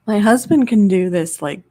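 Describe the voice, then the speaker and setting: A woman's voice: mid-range voice, dark tone, slightly rough. A woman hosting an ASMR live stream, chatting casually and rambling, laughing often into a close microphone.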